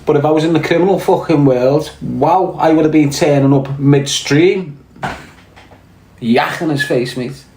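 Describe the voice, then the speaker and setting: A man's voice: on the high side, unhurried, darkish tone, a little hiss or hum. Blunt sweary Scouse man ranting. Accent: Liverpool (Scouse). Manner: blunt, heavy swearing, fired-up. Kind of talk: casual rant. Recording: roomy echo.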